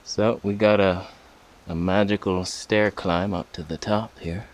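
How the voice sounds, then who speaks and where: A man's voice: sits low, steady tone, measured pace. A man casually vlogging outdoors on a hillside, joking to himself and to the animals around him. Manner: jokey, talks to himself and the animals. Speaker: travel vlogger. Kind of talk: casual vlog narration.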